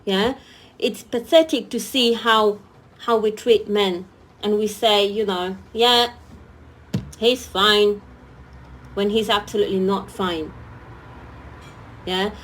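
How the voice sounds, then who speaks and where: A woman's voice: medium pitch, fairly even intonation, unhurried, pauses often. A woman hosting a live-stream talk, speaking earnestly and pleading with her viewers, often repeating herself. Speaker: host.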